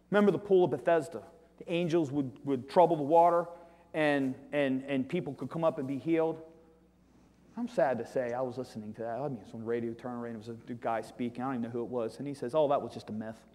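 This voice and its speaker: A man preaching a sermon, reading scripture aloud and swinging between loud declaiming and quiet asides. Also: a little high. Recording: long hall reverb.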